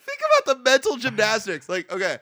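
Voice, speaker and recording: A man hosting a podcast, casually recapping a movie with frequent laughter and lively put-on quotes. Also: sits high, fast, no echo, studio quality. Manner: laughs often, animated retelling with put-on quotes. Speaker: podcast host.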